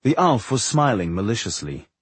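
Male audiobook narrator, husky, expressive. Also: fairly low pitch, no echo. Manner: expressive, measured storytelling. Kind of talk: scripted fantasy narration.

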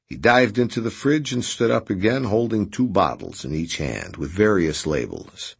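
A man reads a novel aloud in a deep, husky voice. His delivery is measured yet lively in pitch, rising and falling with the story. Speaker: narrator. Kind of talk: audiobook narration.

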